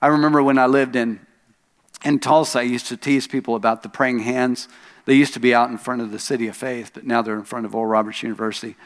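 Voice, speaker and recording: A man pastor preaching a sermon, telling a story with rising emphasis on key lines and soft asides. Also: medium pitch, steady tone, fast talker. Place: church sanctuary. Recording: long hall reverb.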